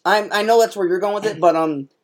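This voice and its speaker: A man's voice: high voice, fast. A man co-hosting a casual sports podcast, arguing his side and pushing back. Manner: argumentative, pushes back. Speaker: podcast co-host.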